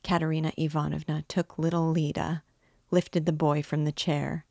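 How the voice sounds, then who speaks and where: Woman narrating an old novel, low gravelly voice, slow and measured, dry close sound. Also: level tone, warm tone, dry recording. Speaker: reader and literature guide. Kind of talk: audiobook narration of a classic novel.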